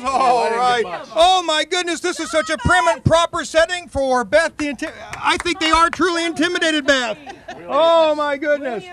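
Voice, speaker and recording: A man's voice: extremely high pitch, normal speed, sharp tone. A man emceeing a contest, giving playful mock-sportscaster commentary and laughing along.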